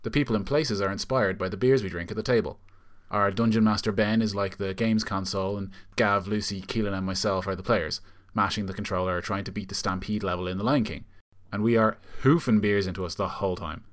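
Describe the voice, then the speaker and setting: A man's voice: on the low side, a little fast. A man giving an upbeat, jokey scripted podcast intro. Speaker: podcast co-host.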